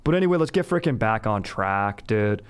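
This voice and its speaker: A man's voice: on the low side, animated, normal speed, smooth, dry recording. A young man hosting a casual movie review chat, slangy and bro-ish, calling everyone dude. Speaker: host.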